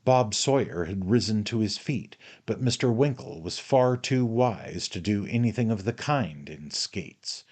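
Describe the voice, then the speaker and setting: Male narrator, measured storyteller, somewhat low voice, reading classic fiction. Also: expressive, darkish tone, breathy edge. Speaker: audiobook narrator. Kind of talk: reading a classic novel aloud.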